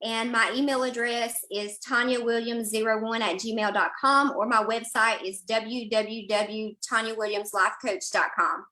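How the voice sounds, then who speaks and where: A woman's voice: on the high side, fairly even intonation, a little slow, few pauses, bright, forceful tone, echoey room. A woman guest, a life coach, plainly listing how to reach her. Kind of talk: sharing contact details.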